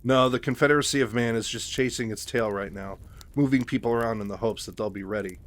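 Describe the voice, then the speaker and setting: A man's voice: mid-range voice, fast talker, close to an everyday voice. A man voicing a defiant, bitter woman rebel who talks in a scornful, cutting way.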